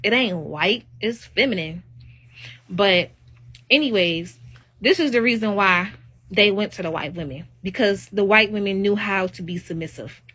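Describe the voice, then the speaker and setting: A woman with a husky, mid-range voice hosts a live stream, speaking at normal speed in a pushed, bright tone. Her casual monologue is opinionated, emphatic and preachy, full of rising exclamations.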